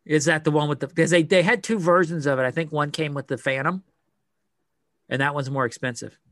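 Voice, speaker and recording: A man's voice: fairly high pitch, fairly even intonation, fairly quick, a bit bright, no room sound. A man co-hosting a podcast in easygoing casual chat, often giving short replies. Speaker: podcast co-host.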